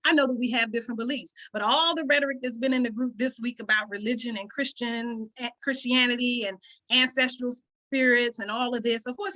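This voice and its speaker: A woman's voice: on the high side, pushed and bright. A woman with a Southern country twang, hosting a community call and talking casually to the group, often checking in with "right?". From rural southern United States. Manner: conversational, frequent "right?" check-ins, occasional laughs. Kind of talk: casual talk to an online group.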